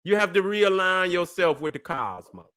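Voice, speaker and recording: In a high-pitched, sing-song, slightly bright voice at a moderate pace, a man hosting a livestream preaches to his audience. He curses, hammers his points, and constantly asks "you see what I'm saying" to make sure they follow.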